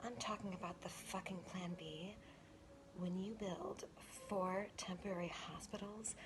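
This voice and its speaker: A woman performing a comic monologue in a breathy, mock-seductive whisper, swearing often. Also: medium pitch, fairly even intonation, unhurried, noisy background. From United States. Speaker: comedic performer.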